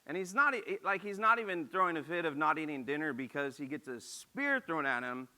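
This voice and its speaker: A man's voice: on the high side, animated, brisk, pushed and bright. A man pastor preaching a casual, conversational sermon, reading scripture and breaking in with joking asides.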